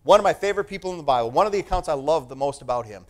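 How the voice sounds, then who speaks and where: Animated, high-pitched male preacher. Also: rapid-fire. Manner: animated, emphatic, repeating phrases. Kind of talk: sermon.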